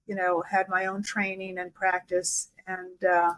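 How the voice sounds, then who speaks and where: A woman's voice: fairly low pitch, completely flat delivery, unhurried, fairly bright tone, a little hiss or hum, low-quality recording. A woman speaking as a podcast guest, a hypnotherapist and life coach, talking reflectively with frequent restarts and fillers. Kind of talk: casual interview talk.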